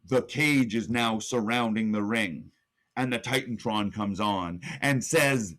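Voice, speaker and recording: A man's voice: on the low side, slow, a bit bright. A young man co-hosting a podcast, telling an imagined match blow by blow and building hype with sudden rises in his voice. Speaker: podcast co-host. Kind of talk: animated play-by-play storytelling.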